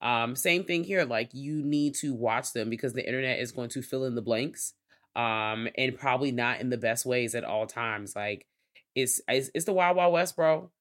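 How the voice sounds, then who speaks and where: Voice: medium pitch, normal speed, fairly bright tone. A co-host giving blunt, opinionated commentary on a movie in casual slang. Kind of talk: casual movie recap chat.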